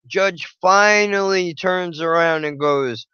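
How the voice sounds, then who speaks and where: Young male host, fairly high-pitched and forceful, blunt and profane storyteller, dull lo-fi sound. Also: a little slow, clean tone, no echo. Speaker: channel host. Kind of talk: blunt personal storytelling monologue.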